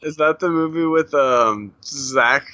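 Man, casual chat, rambling storyteller, many fillers, bright tone, dry sound. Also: fairly high pitch, a little slow, no room sound, lo-fi sound.

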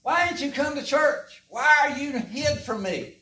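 A preacher acting out God calling out, stern and high. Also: male voice, expressive, a little slow, pushed and bright, echoey room, distant mic, exaggerated voice. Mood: demanding. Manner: pleading, demanding questions. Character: God calling for a missing man, stern and insistent.

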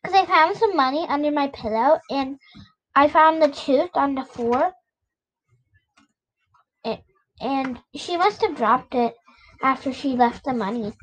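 A woman's voice: high-pitched, a little slow, pauses often, fairly bright tone, rough recording. A woman doing a silly chatty five-year-old girl. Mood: excited.

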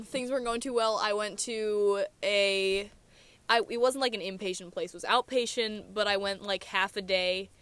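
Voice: medium pitch, a bit bright, smooth, dry recording. A teenager co-hosting a casual podcast, telling stories in a rambling way with many fillers and restarts. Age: teens. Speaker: podcast co-host. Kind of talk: casual chat, storytelling.

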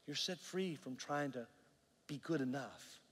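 A man preaching a sermon, telling a story with earnest, animated delivery and repeated words. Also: medium pitch, unhurried, breathy edge, in a large hall. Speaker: pastor.

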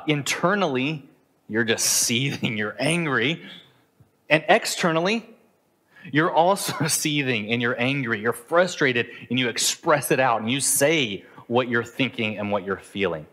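A man's voice: mid-range voice, expressive, measured pace, bright, forceful tone. A middle-aged man preaching a sermon in an earnest, conversational way, now and then acting out the inner voices of his listeners. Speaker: pastor. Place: Southeast Asia.

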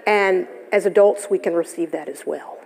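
Woman pastor, sermon, gravelly voice, storytelling, long church reverb. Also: on the low side, normal speed, a little mellow. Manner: storytelling, conversational, laughs often. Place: church sanctuary. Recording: live church service, long hall reverb.

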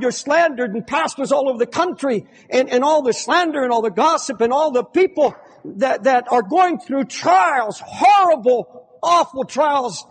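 A fervent male preacher with a high, husky voice. He moves between impassioned, pleading outbursts and low, grave passages. His words ring out with a long reverb, as in a large church sanctuary. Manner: fervent, swinging between pleading cries and hushed, grave tones. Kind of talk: impassioned sermon.

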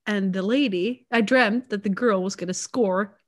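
A woman's voice: mid-range voice, normal speed. Chatty young woman rambling in a podcast. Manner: rambling, with many restarts and laughs. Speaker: podcast co-host. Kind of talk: casual chat.

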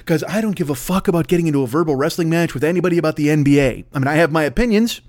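A middle-aged man riffing solo on his podcast, swearing freely and mocking himself as he rambles from one tangent to the next. His voice sits a little high for a man, and the sound is close and dry with no room around it. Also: rapid-fire, darkish tone, no echo. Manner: profane, rambling, self-mocking ranting. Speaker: podcast host.

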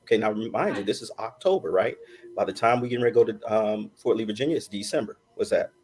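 A man's voice: lowish voice, lively intonation, fast talker, darkish tone, a little hiss or hum. A middle-aged man, a podcast guest, telling a long personal story in casual chat, laughing often and acting out what people said.

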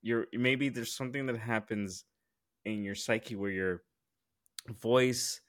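A man's voice: on the low side, slow, fairly bright tone, no room sound, studio quality. A man co-hosting a podcast in casual banter, playful and often laughing. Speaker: podcast co-host.

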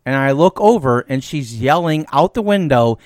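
A man co-hosting a podcast, telling a story in casual chat with animated, incredulous delivery. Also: medium pitch, moderate pace, no room sound, clean studio sound. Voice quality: redhead self-described. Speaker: podcast co-host.

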